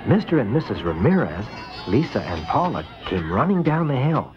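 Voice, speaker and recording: A man narrating a children's storybook cartoon with an expressive reading, on a dull lo-fi VHS tape. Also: mid-range voice, moderate pace, over music.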